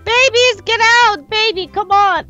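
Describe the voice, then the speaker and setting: A woman voicing an excitable, worried little girl lifeguard in a game role-play, with a squeaky childlike voice and constant exclamations. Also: measured pace, lo-fi sound, faint music behind, heavily acted. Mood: anxious.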